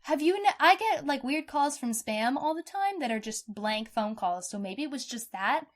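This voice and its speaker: Outspoken woman podcaster, animated and blunt, slightly high voice. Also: normal speed. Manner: animated, outspoken, swears freely. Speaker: podcast co-host. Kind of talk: casual true-crime chat.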